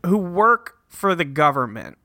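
Female podcast co-host, bright and expressive, deadpan and incredulous. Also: fairly low pitch, a little slow, no room sound, studio quality. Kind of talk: casual movie-riffing chat.

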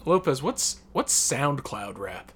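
A man's voice: medium pitch, big pitch swings, takes it slowly, fairly bright tone, slight background noise. A man in his thirties co-hosting a casual chat, asking loose curious questions. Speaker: podcast co-host.

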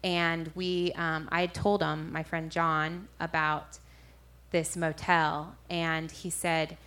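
A woman minister recounts a personal testimony to an audience. She tells it in an animated way, often restarting and correcting herself mid-sentence. Her voice sits slightly low. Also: takes it slowly, smooth. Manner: animated storytelling with frequent self-corrections. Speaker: street minister.

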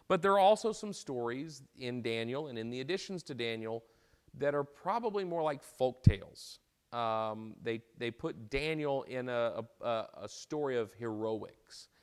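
A man's voice: medium pitch, clean tone. A man teaching an informal lecture as a Bible teacher, retelling a story in a conversational way and often repeating and restarting his words.

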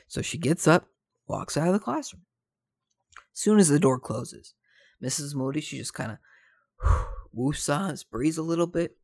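A man hosts a podcast and tells stories in a loose, animated, jokey way, often drifting into tangents. His voice sits at a middling pitch, and it is recorded close and dry with no room sound. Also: moderate pace, dry recording. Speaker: podcast host. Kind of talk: casual storytelling monologue.

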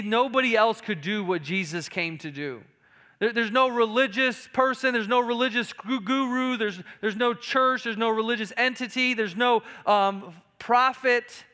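A male pastor delivers an emphatic sermon, stumbling over and repeating words as he presses a point. His voice sits high and sounds bright and crisp. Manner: emphatic preaching with repeated words, rising in intensity.

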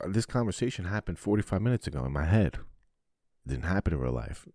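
A podcast host with a very low voice, recorded dry and close to the mic. He talks in a loose, blunt monologue, swearing often and acting out the scenes he describes. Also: fast talker, dry recording. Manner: blunt, profane, animated storytelling. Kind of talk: casual monologue.

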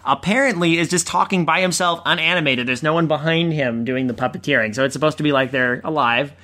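A co-host in a casual movie discussion, talking with a joking, riffing manner and quick asides. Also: mid-range voice, sharp tone. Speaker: podcast co-host.

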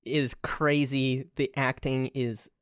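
Very low-voiced young woman on a podcast, wry jokes, dead dry room. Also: little pitch movement, slow pace, clean tone, no echo. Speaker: podcast co-host. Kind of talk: casual chat.

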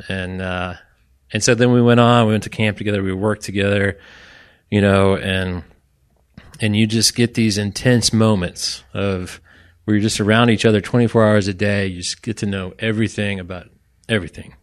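A man from Orlando telling a personal story on stage to a live audience, chatty and self-deprecating, with apologetic asides. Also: fairly low pitch. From Orlando, Florida. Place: live stage event in a bar venue.

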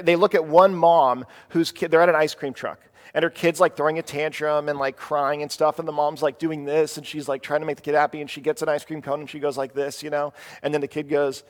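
A man in his thirties preaching a sermon, telling a family story in a halting, conversational way with many restarts. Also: fairly high pitch. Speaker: pastor. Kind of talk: sermon with personal stories. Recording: long hall reverb.

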